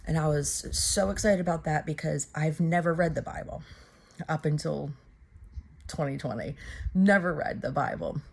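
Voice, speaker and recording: A woman in her thirties giving a personal faith testimony to her camera, speaking earnestly and haltingly with many fillers and restarts. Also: low voice, vocal fry, breathy edge. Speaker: church member giving testimony.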